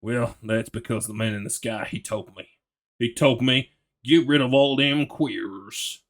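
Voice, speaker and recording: A man's voice: mid-range voice, steady tone, unhurried, close to an everyday voice. A man voicing a preachy, bigoted royalist in a put-on accent, as a joke. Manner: mock-serious rant in a put-on accent.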